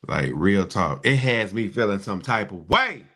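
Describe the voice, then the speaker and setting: A middle-aged man hosts a casual chat at an unhurried pace. His voice is bright and forward, and his joking, sarcastic delivery jumps into sudden high, excited bursts. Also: slightly rough. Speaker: host. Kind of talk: casual live-stream chat.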